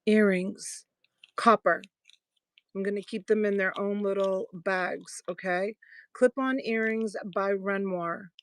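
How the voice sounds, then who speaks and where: A woman's voice: mid-range voice, fairly even intonation, slow, fairly bright tone. A woman selling jewelry on a live stream in a chatty, affectionate way, thanking viewers by name. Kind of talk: casual live-selling chat.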